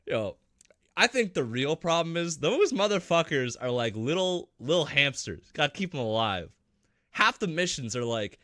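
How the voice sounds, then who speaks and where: A man's voice: a little high, very animated, moderate pace, bright, forceful tone, no echo, studio quality. A man co-hosting a casual gaming podcast, bantering and joking with heavy swearing. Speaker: podcast co-host.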